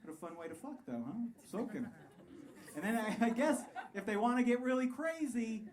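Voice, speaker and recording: A man in his thirties doing a crude, animated stand-up set on a comedy club stage, laughing through his punchlines. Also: very high voice, moderate pace. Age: 30s. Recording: live club recording, crowd and room noise.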